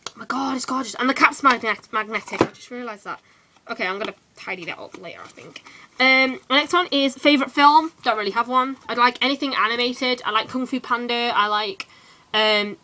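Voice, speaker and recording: A young woman from Britain chats to camera in a relaxed vlog, with frequent ums and quick little giggles. Her voice sits a bit high and rings bright and sharp. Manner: chatty, giggly, lots of ums. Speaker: vlogger. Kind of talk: casual chat to camera.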